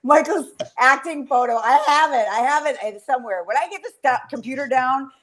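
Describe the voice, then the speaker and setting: Woman podcast host, casual rambler, fairly high-pitched, curses often, wears her heart on her sleeve. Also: fairly quick, a bit bright. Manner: chatty, swears freely, gets emotional telling stories. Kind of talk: casual chat.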